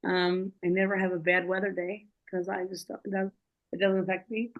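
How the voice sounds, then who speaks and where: A woman telling her story in a casual, animated way, rambling with many fillers. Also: mid-range voice, brisk, phone-quality sound. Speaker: guest speaker.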